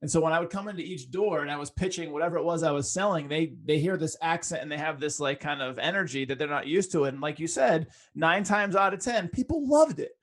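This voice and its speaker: A man from Boston with a muted Boston accent, hosting a podcast in a relaxed, conversational way. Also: on the high side, fast talker, few pauses. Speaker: podcast host. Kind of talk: casual interview chat.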